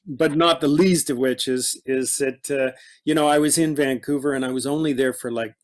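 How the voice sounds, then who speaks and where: A middle-aged man, an actor guest in a casual conversation, telling stories in a halting, rambling way full of restarts. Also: mid-range voice, fairly even intonation.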